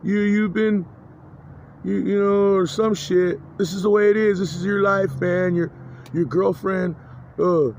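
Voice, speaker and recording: A man's voice: sits high, fairly even intonation, a little slow, gravelly, darkish tone. A gloating disembodied voice, put on by a man, barks repeated taunts and orders in a raised, pushy tone. The recording is dull and lo-fi, with a faint hiss of noise underneath. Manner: mocking, commanding, repetitive.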